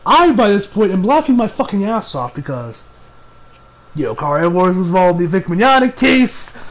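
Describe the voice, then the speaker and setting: A man's voice: high voice, very animated, normal speed, low-quality recording. A young man casually reviewing an anime episode, rambling, swearing and often breaking into laughter.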